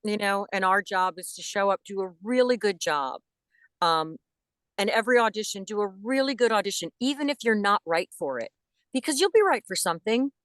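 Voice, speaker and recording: Lively woman voice actress, dry sound. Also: mid-range voice, dry recording. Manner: animated, enthusiastic, talks in quick restarts. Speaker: voice actress guest. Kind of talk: casual interview chat.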